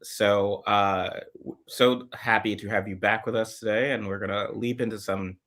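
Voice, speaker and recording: A man's voice: lowish voice, steady tone, moderate pace, fairly bright tone. A man hosting a casual political chat over a video call, chatty and rambling with a playful streak. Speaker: host.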